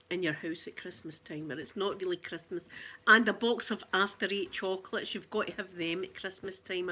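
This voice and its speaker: A woman's voice: medium pitch, bright, forceful tone. A Glaswegian woman hosting a casual live chat, chatty and rambling, laughing often. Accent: Glaswegian Scottish. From Glasgow, Scotland.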